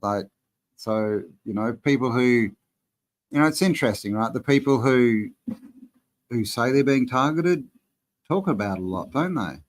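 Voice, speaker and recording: A man hosting a live-stream Q&A, talking in a relaxed, rambling way and reading out viewers' chat messages. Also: medium pitch, unhurried, pauses often. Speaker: channel host answering live chat.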